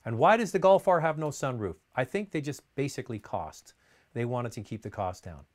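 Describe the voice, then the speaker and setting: Man, Q&A host, casual chat, mid pitch, rambling storyteller. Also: lively intonation, fairly quick. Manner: chatty storyteller with restarts and asides.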